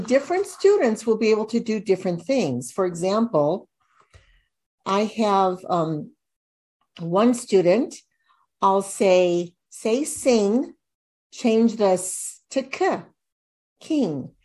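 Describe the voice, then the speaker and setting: Slow, deliberate woman tutor. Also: mid-range voice, dark tone. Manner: slow, deliberate, sounding out syllables. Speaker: reading tutor. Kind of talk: instructional demonstration.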